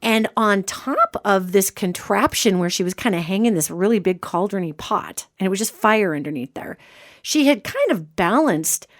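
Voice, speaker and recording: A woman hosting a podcast as a medium, an animated storyteller who acts out quotes in casual chat. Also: mid-range voice, normal speed. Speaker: host and medium.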